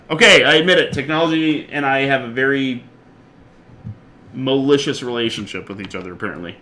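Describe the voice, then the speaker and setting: A man streaming a card game live, chatting excitedly, laughing often and swinging from loud outbursts to quiet muttering. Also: mid-range voice, a little fast, a little hiss or hum. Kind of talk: live gameplay commentary.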